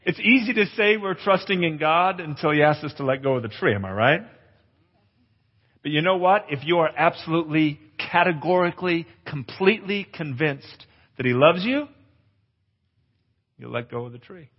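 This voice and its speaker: Earnest pastor in an echoey hall. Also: male voice, on the high side, animated, moderate pace, husky. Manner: earnest, confessional, playful asides to the crowd. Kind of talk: testimonial sermon. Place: conference hall. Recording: echoey hall, slightly dull.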